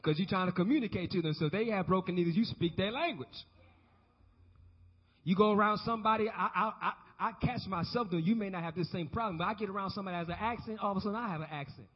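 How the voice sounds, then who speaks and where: A man's voice: high-pitched, fast talker, breathy edge. A man preaching a sermon to a congregation, calling on the listeners to answer back and repeat after him. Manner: call-and-response preaching, asks congregation to repeat. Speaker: pastor. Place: church sanctuary. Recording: dull recording with long hall reverb.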